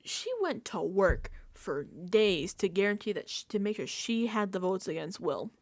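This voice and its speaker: A woman hosting a reality TV recap, ranting casually and acting out quotes in an exasperated, animated way. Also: mid-range voice, normal speed, no room sound.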